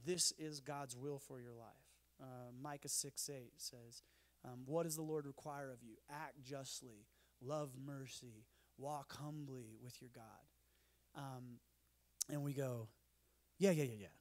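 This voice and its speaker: This man talks slowly in a mid-range voice while giving a conference talk. Animated and self-deprecating, he fills his time on stage with funny stories that poke fun at himself.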